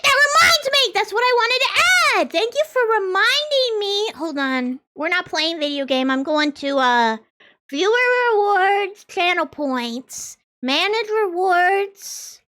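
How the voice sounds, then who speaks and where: A woman's voice: very high voice, expressive, takes it slowly, bright, forceful tone. A young woman streaming a game in casual chat, chaotic and playful, trailing off and restarting with silly bits. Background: faint music.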